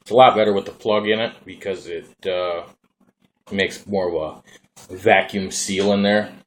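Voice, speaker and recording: A very low-voiced man with a Minnesotan accent talks in a laid-back, folksy ramble while showing off his gear. Faint noise hums under the recording. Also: steady tone, moderate pace. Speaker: vaping hobbyist vlogger. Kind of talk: casual hands-on demo.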